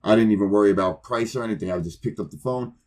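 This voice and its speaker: Podcast co-host, low voice, casual swearing storyteller who plays every part of his anecdotes himself. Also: very fast, a little mellow. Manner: profane, rambling, acts out both sides of conversations.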